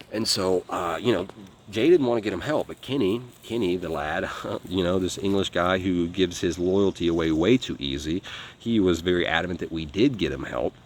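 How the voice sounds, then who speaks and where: Deep-voiced, with a little hiss or hum on the recording, this ex-foreign legion volunteer rambles through a war story. He swears freely and voices the quotes of other people.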